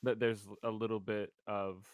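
A young man co-hosting a podcast, talking in a low-key, teasing, casual way. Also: flat delivery, measured pace, crowd noise. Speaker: podcast co-host. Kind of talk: casual chat.

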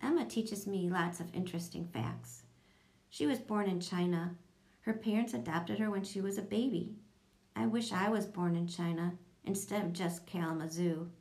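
Woman narrating a children's story, gravelly edge. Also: moderate pace. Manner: lively storytelling, voicing children in higher tones. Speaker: audiobook narrator.

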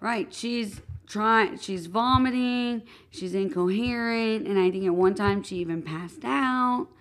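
A woman's voice: mid-range voice, measured pace. A woman co-hosting a podcast, earnestly retelling a true story step by step in casual chat. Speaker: podcast co-host.

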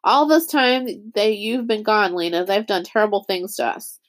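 A woman's voice: medium pitch, normal speed, close to an everyday voice. An earnest, serious young boy, voiced by a woman audiobook reader. He talks with plain urgency and little put-on change.

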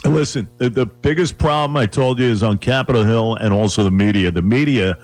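A man's voice: mid-range voice, fairly quick, a little mellow. A man hosting a radio talk show, pushing back on his guest with repeated "come on" and "listen", over a faint music bed.

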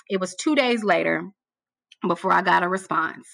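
A woman being interviewed about her work as a TV producer, telling her story in a casual, animated way and repeating phrases for emphasis. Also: fairly low pitch, moderate pace, vocal fry, no echo. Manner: colloquial, addresses listener as girl. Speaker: guest, TV producer.

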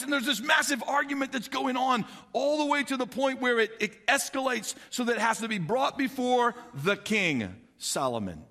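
Animated male preacher, high bright voice, casual storytelling sermon. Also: unhurried, long reverb tail. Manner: animated, conversational, swings loud and soft.

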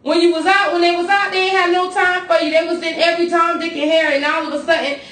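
Blunt, high-pitched woman co-host. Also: flat delivery, fast talker, fairly bright tone, echoey room, recorded from a distance. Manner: blunt, profane and fired-up. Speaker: podcast co-host. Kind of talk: casual chat.

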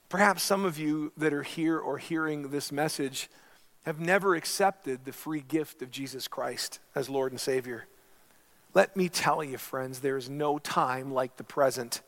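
A man's voice: fairly high pitch, fairly bright tone. A man preaching a sermon as pastor, telling a story and making earnest appeals to his congregation.

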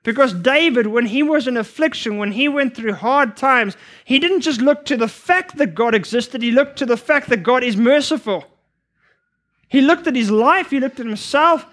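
A man preaching a sermon to future missionaries, earnest and emphatic, sometimes rushing his words. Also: extremely high pitch, fairly bright tone. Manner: earnest, emphatic, rushes at times.

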